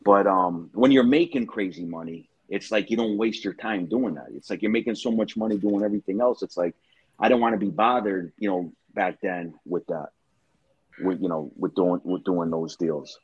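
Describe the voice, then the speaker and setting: A man's voice: low voice, normal speed, husky, muffled recording. A man hosting a casual live-stream chat over a video call, rambling with many restarts. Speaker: show host.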